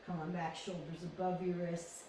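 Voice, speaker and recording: A woman leading a guided yoga class with calm, encouraging cues, often restarting her phrases. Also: on the low side, normal speed, slight background noise. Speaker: yoga instructor. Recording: echoey room, distant from mic.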